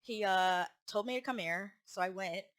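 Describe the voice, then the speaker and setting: A woman's voice: mid-range voice, moderate pace, fairly bright tone. A woman vlogger telling a personal story in a rambling way, with restarts and acted-out quotes.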